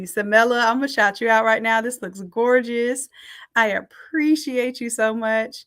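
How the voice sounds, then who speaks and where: A middle-aged woman teaching a design class on a live stream, reading out the chat and warmly thanking people by name. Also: on the high side, moderate pace. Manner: warm, effusive thanks and shout-outs.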